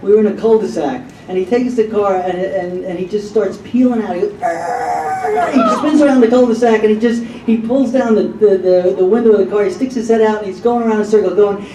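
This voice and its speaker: A man's voice: high voice, fairly even intonation, fast, few pauses, background noise. A man on a convention panel telling a rambling anecdote and acting out what others said, heard in a large hall. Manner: rambling storyteller who acts out quotes. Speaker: panel guest. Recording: roomy convention hall from far off.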